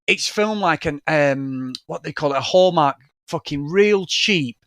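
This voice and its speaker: A man's voice: a little high, a little slow, no room sound, clean studio sound. A man co-hosting a podcast, chatting casually about a film, swearing freely and acting out scenes as he goes. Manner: sweary, animated, acts out scenes. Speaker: podcast co-host. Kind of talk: casual film review chat.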